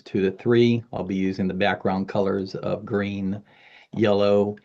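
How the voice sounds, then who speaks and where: Man, formal timer report, measured, low mellow voice, dull lo-fi sound. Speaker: meeting timer. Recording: dull lo-fi audio.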